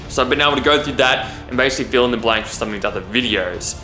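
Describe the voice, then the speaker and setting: A young man, chatting through his day in a casual, jokey fitness vlog. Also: mid-range voice. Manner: jokey, chatty, self-deprecating. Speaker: fitness YouTuber. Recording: echoey room, faint background noise.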